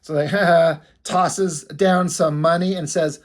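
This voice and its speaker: A man's voice: fairly high pitch, steady tone, slow pace, few pauses. A man talking casually in a show-and-tell vlog, rambling, laughing often and swearing offhandedly. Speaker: video creator.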